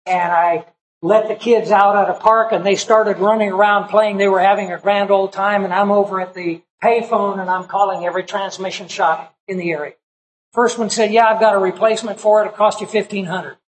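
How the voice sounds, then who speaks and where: A man's voice: sits high, fairly even intonation, brisk, low-quality recording. A middle-aged man, a pastor, telling a personal story in a sermon in a folksy, conversational way, acting out the people he quotes.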